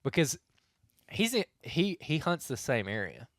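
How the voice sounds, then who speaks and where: A man's voice: medium pitch, big pitch swings, unhurried, no echo, studio quality. A young man, co-hosting a casual podcast and telling a long story full of restarts and asides. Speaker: podcast co-host. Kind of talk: casual hunting podcast chat.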